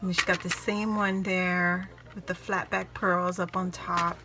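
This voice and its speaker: A woman chatting to camera as she unboxes a gift, gushing and excitable, often exclaiming in delight. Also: fairly low pitch, measured pace, over loud music, low-quality recording. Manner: gushing, excitable, repeats "oh my gosh". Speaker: craft vlogger opening a gift package. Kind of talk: casual unboxing chat to camera.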